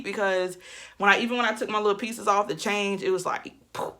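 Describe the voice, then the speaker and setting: A chatty woman vlogging about her hair routine, her voice bright and forward. She talks to viewers like friends, calling them y'all and child, in an easy, mid-pitched tone. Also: steady tone, brisk. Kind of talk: casual chat to camera.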